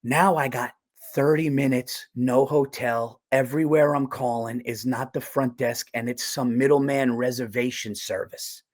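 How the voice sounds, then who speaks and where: A man co-hosting a podcast, telling a story in an animated, exasperated rant with fast bursts. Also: mid-range voice. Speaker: podcast co-host. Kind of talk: ranting storytelling.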